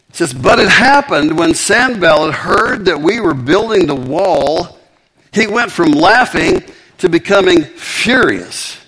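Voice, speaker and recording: Guy preaching a sermon, gravelly raspy voice, punchy and repeating himself a lot. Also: fairly high pitch. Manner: emphatic, animated preaching with repetitions.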